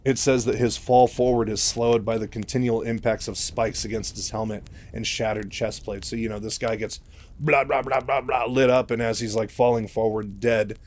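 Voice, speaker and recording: A man's voice: fairly low pitch, flat delivery, moderate pace, few pauses, darkish tone. A man casually retelling a novel in a loose, chatty way, full of fillers. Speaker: storyteller.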